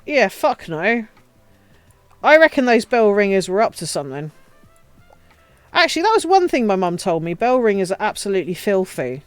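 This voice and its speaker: A woman's voice: fairly high pitch, very animated, normal speed, clean tone, no room sound, soft background music. A woman streaming a building game, chatting casually, swearing, ranting and laughing often. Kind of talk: casual live-stream chat while playing.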